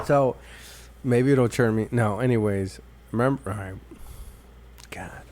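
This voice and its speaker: A man's voice: mid-range voice, moderate pace. A man hosts a podcast and tells crude stories in casual chat. He swears freely, laughs often and acts out quotes from the story. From Mexican-American from Illinois. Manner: profane, animated storytelling with laughs. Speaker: podcast host.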